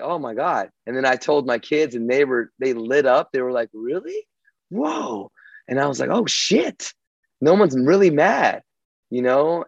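A man's voice: medium pitch, no echo, dull audio. A man casually telling a long story, rambling and swearing, with many restarts. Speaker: guest telling his story.

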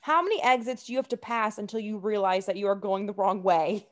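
A woman co-hosting a casual podcast, chatty and exasperated, with her sentences full of "like" and "um". She talks at an ordinary middle pitch and tells a story in a loose, conversational way. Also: brisk. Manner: chatty, heavy on fillers like "like" and "um"; openly exasperated about the subject. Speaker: podcast co-host. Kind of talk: casual true-crime podcast chat.

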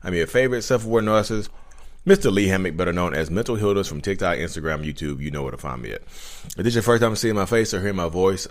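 A man hosting his own channel, talking casually to viewers, chatty with frequent restarts. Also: a bass voice. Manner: restarts often, chatty, addresses viewers as y'all. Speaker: podcast host. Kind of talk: casual talk to camera.

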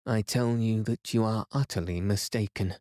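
A man voicing an unflappable older professor who speaks in a calm, measured, slightly provoking way. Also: fairly low pitch, dry recording, studio quality, lightly acted.

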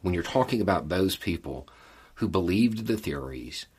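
A man's voice: deep voice, lively intonation, normal speed, a little mellow, breathy edge. A man giving casual, folksy political commentary straight to the camera as a regular host, with emphatic repetition.

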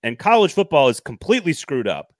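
A man's voice: on the high side, big pitch swings, fairly quick, no echo, studio quality. A man hosting a casual sports podcast, thinking aloud and hedging his points. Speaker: podcast host.

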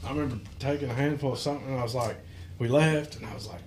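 A man's voice: medium pitch, rapid-fire. A man from Kentucky, a guest in a studio, telling stories in a casual chat, laughing and acting out the people in them. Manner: animated, laughing storyteller acting out voices. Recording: echoey studio with loud noise.

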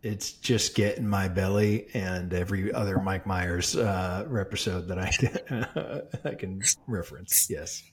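A man's voice: low voice, a little slow, hardly any pauses, slight background noise. A man co-hosting a podcast in jokey, casual banter, laughing between his lines. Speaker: podcast co-host.

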